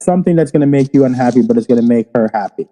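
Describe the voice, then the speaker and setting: A man's voice: medium pitch, rapid-fire, mellow, in a large hall. A man on a casual podcast panel, probing with challenging questions.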